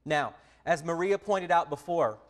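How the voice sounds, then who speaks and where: Texan male teacher trainer, slightly high voice, friendly and direct with the room. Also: animated, unhurried. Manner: friendly, direct, addresses listeners as a group. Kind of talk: professional development lesson.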